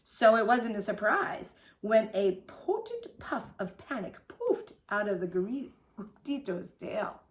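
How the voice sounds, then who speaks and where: Animated woman teacher reading aloud. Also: mid-range voice, slow, few pauses. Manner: animated, chatty asides to kids. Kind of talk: reading a picture book aloud to children. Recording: echoey room.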